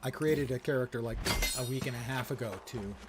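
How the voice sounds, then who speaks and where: A man's voice: medium pitch, fairly even intonation, brisk, background noise. An older man chatting wryly to his viewers while he plays a game. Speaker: game streamer. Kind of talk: casual gameplay commentary. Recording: loud game music behind. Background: game music.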